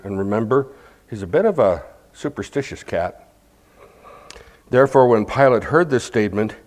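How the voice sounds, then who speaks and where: A man's voice: fairly low pitch, darkish tone. A man preaching a sermon, explaining a scripture passage verse by verse, with asides to the congregation and acted-out crowd chants. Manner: acts out crowd chants and quotes.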